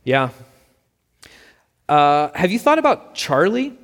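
A man's voice: fairly high pitch, sing-song, takes it slowly, a bit bright, pitched above the performer's own voice, full character voice. A man voicing a careful, offhand male attorney who chooses his words with hesitation in a storybook reading, with long hall reverb. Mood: measured.

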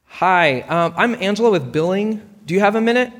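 A man's voice: high-pitched, lively intonation, brisk, fairly bright tone, long reverb tail, pitched above the performer's own voice. A man voicing an awkward, nervous woman from billing who hesitates and apologizes. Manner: hesitant, filler-heavy, apologetic.

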